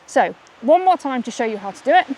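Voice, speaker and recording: A chatty woman with a fairly high voice teaches dog training while out on a walk. She talks upbeat and keeps checking in with "okay?", recorded outdoors on a camera she holds. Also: very animated, quick pace, darkish tone, a little hiss or hum. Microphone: camera she holds while walking.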